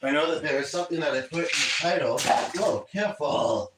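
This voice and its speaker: A man's voice: fairly high pitch, fairly even intonation, rapid-fire, background noise. Rambling man chatting on a livestream. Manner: rambling, conversational, frequent fillers. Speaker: livestream host. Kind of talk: casual live chat.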